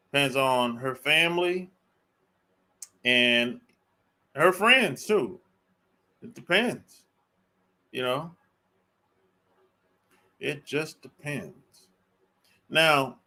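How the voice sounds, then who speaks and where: A man's voice: on the high side, pushed and bright. A man hosting a dating channel, giving a casual, blunt, slangy opinion monologue and repeating his points.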